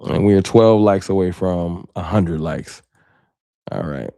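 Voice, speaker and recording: A man with a slight lisp hosting a casual sports talk live stream, talking straight to his chat in slangy, animated bursts. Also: deep voice, unhurried.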